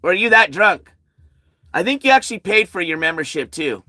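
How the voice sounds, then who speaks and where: A man's voice: high-pitched, big pitch swings, brisk, sharp tone, dry recording. Blunt sarcastic man talking to his stream. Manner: blunt, sarcastic, addressing chat directly. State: tired. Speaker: livestream host. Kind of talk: casual livestream chat. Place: outdoors at night.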